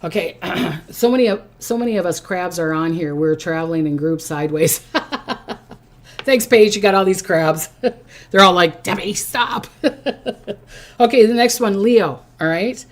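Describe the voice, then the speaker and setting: A woman's voice: lowish voice, moderate pace. A woman psychic giving a casual livestream astrology reading, chatty and reassuring, often laughing and checking in with "okay?".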